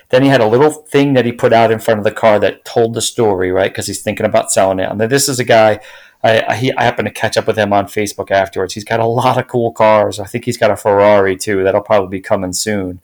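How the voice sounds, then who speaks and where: A man's voice: on the low side, steady tone, fast talker, low-quality recording. A middle-aged man chatting casually as a co-host, telling enthusiastic car stories with lots of fillers. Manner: enthusiastic storytelling, many fillers. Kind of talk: casual chat.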